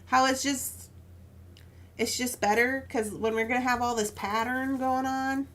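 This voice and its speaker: A woman's voice: sits high, steady tone, measured pace, fairly bright tone. A woman casually chatting while she crafts jewelry on a live stream, telling stories with frequent laughs and asides.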